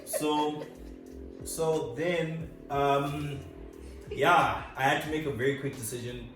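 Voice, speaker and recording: A man from Zimbabwe tells a story in a loose, chatty, self-mocking way. He sounds distant in a very echoey room, with soft music running underneath. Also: fairly high pitch, steady tone, slow pace. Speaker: vlog co-host. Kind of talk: casual storytelling.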